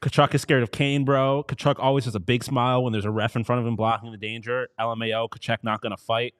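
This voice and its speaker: A man's voice: mid-range voice, flat delivery, quick pace, a bit bright, clear, resonant tone. A man co-hosting a hockey watchalong, laid-back and crude, using slang as he reads chat. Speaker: podcast co-host.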